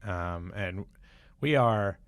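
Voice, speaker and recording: A man's voice: fairly low pitch, lively intonation, drawn-out words, clean tone, no room sound, clean studio sound. A man co-hosting a casual improv comedy podcast, rambling and joking at his own expense. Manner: rambling, self-deprecating joking. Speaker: podcast co-host.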